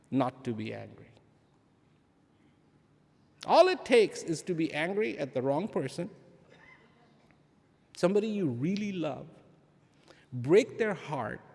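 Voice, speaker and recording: A man giving an inspirational talk to an audience, animated, asking rhetorical questions and repeating phrases for emphasis. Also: high-pitched. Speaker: speaker addressing an audience. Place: large event hall. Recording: long hall reverb.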